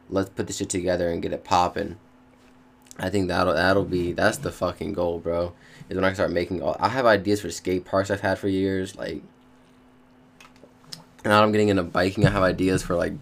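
A young man with a very deep voice talks straight to his viewers in a relaxed, meandering way. His speech is slangy and full of fillers, restarts and self-corrections. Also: creaky. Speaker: vlogger. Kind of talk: casual rambling monologue.

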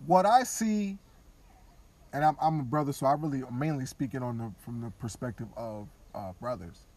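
A man podcasting, talking candidly and casually, now and then dropping into quiet mock voices of others. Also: mid-range voice, moderate pace. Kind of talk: casual opinion talk.

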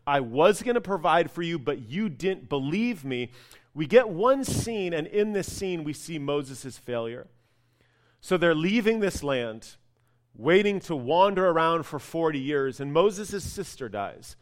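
A male pastor preaching a sermon in a conversational, animated storytelling way, with casual asides. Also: sits high.

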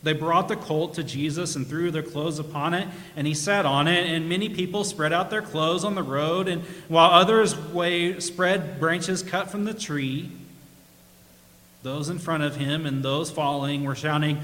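A man's voice: fairly high pitch, moderate pace, a bit bright. A male pastor giving a chatty sermon with humorous stories, laughing at his own jokes, in a church. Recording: echoey church hall.

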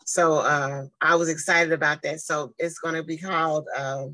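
A woman, telling her story casually in conversation, lively and acting out what people said. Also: moderate pace, low-quality recording. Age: 50s. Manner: animated, acts out quoted exchanges with big swings in pitch. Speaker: guest speaker and advocate.

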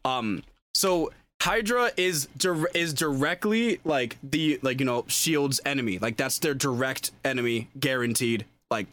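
This is a young man chatting on a casual podcast, and he gets excitable and rambles. His voice sits at an ordinary middle pitch, and he keeps circling back with fillers and false starts. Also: measured pace. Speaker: podcast co-host. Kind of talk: casual chat.

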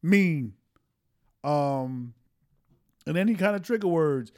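A man's voice: a little high, lively intonation, slow, a little mellow. A man co-hosting a podcast in casual chat, blunt and profane. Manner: blunt, profane, says bruh often. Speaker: podcast co-host.

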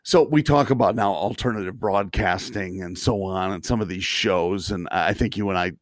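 A man co-hosting a podcast in casual chat, halting and restarting his sentences with a chatty, easygoing manner. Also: low-pitched, no room sound, studio quality. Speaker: podcast co-host.

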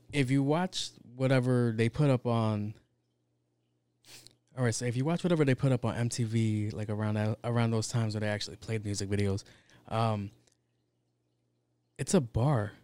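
A man's voice: on the low side, a little mellow, clean tone, no echo. A man ranting casually and comically, rambling and swearing, packed with fillers. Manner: rambling, profane, lots of fillers. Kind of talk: casual comedic rant.

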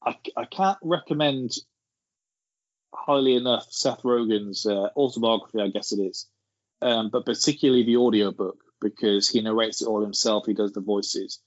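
In casual podcast chat, a man rambles through an anecdote, laughing as he tells it. His lowish voice moves at a moderate pace, with no room sound and dull lo-fi audio.

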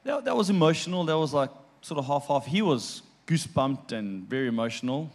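A man, a guest on a talk show, telling a personal story in a heartfelt, halting way, repeating words and laughing between moments. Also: on the high side, lively intonation.

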